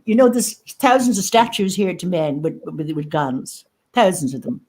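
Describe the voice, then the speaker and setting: A woman recounting personal experience as an interview guest, halting and emotional, often repeating her phrases. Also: lowish voice, animated, a little mellow, husky. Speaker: guest sharing lived experience. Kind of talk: personal testimony in conversation.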